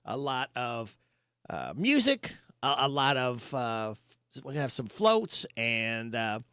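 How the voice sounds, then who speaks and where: A man's voice: medium pitch, sing-song, takes it slowly, sharp tone, clean tone, dry recording, clean studio sound. A man hosting a local radio show, announcing community events in a folksy, rambling way with fillers. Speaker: radio host. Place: radio studio. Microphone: studio microphone.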